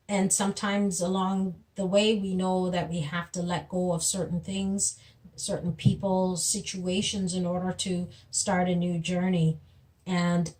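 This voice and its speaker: A woman giving a tarot reading in a gentle, reassuring, unhurried way, repeating words and pausing as she goes. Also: lowish voice. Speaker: tarot reader. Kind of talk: slow, soothing tarot reading.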